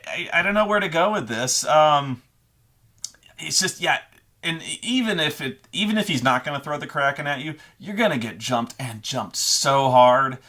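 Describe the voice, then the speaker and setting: A man's voice: mid-range voice, sharp tone. A man who runs tabletop games, talking casually and giving advice in a rambling, profane way with stammering restarts. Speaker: dungeon master giving gaming advice. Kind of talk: casual unscripted monologue.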